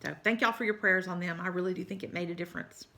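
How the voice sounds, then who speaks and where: A woman with a Texan drawl chats to her viewers in a loose, rambling way, full of y'all and little apologies. She sounds tired and keeps yawning, and her voice has a bright, forward edge. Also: on the low side, fairly even intonation, fast, slight background noise. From South Texas. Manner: rambling, chatty, apologetic, says y'all often. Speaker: cross-stitch vlogger. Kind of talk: casual chat to viewers.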